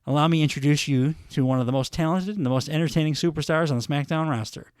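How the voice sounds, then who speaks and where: A man's voice: fairly high pitch, fast talker, a little mellow, clear, resonant tone, no echo, clean studio sound, natural voice. A man voicing a smug, arrogant young male wrestler who mocks his rivals.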